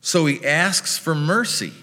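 A man preaching a sermon in a measured, reflective way, with wry asides. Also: a little high, animated, pushed and bright. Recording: long hall reverb.

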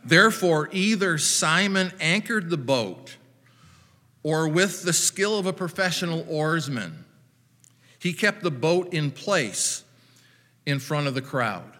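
A man's voice: a little high, animated, slow pace, sharp tone, in a large hall. A man preaching a sermon as pastor, retelling scripture with wry, dry humor.

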